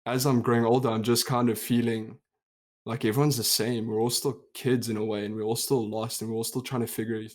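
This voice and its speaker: A young South African man co-hosting a podcast, talking in an easygoing, reflective way and laughing easily. His voice sits at a typical middle pitch. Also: little pitch movement, fairly quick. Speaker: podcast co-host. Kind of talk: casual chat.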